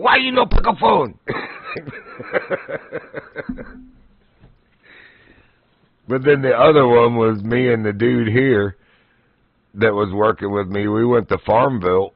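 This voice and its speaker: A man hosts a livestream, telling casual stories in a folksy way and laughing often. His fairly low voice is creaky, and the audio is dull, dry lo-fi stream sound with no room sound.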